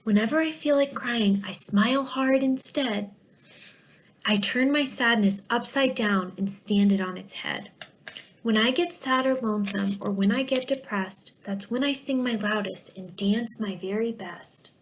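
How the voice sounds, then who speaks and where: A woman's voice: a little high, a little slow, slight background noise. A woman voicing a cheerful male jester. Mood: gentle. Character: cheerful jester on a quest to find laughter, male.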